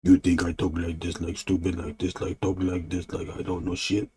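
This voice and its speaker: A man's voice: deep voice, completely flat delivery, normal speed, warm tone, slightly rough, voice pushed down. A man voicing a dim-sounding but proudly well-mannered monster that speaks in broken grammar and mutters indignantly.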